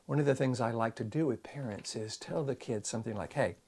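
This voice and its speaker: Gravelly, folksy male psychologist teaching. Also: medium pitch, a little fast. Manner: animated, acts out little parent-child dialogues; conversational, folksy. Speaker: psychologist and speaker. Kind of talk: teaching talk to camera.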